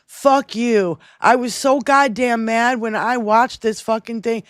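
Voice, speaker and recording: A woman's voice: on the high side, normal speed, hardly any pauses, no room sound, clean studio sound. A woman co-hosting a casual political chat podcast, ranting angrily with lots of swearing. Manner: angry, profane, animated ranting. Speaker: podcast co-host.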